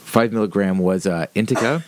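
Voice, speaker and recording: A man's voice: lowish voice, fairly quick, a little mellow, dry recording. A man casually telling a rambling story, swearing freely, with lots of "like" and "um" along the way. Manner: rambling, profane, with frequent fillers.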